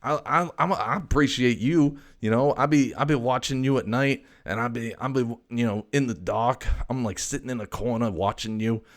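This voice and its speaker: A man's voice: mid-range voice, moderate pace, few pauses, pitched above the performer's own voice, natural voice. A man voicing a cussing swaggering house cat. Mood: boastful. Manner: swaggering, profane, rambling with stammers. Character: brash foul-mouthed male house cat.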